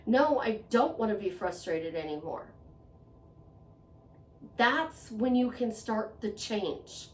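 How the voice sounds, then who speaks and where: A woman's voice: medium pitch, animated, takes it slowly, long pauses. Earnest woman giving advice in an echoey room. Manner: earnest, conversational, repeats phrases for emphasis. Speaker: self-help vlogger. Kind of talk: motivational monologue to camera. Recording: echoey room, voice a bit far from mic.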